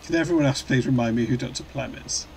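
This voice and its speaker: A man's voice: medium pitch, fast talker, creaky, darkish tone, a little hiss or hum, rough recording. Chatty man streaming a game. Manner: rambling and good-humoured, answering chat with many restarts. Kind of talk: live-stream chat while playing a truck game.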